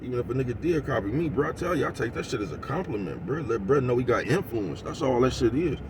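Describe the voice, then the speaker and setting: Speaking fast in a mid-range voice with lively inflection, a male vlogger rambles through a slangy rant to his viewers, laughing a lot and growing loud and heated. He keeps asking if you know what he's talking about; the mic is distant and the background noisy.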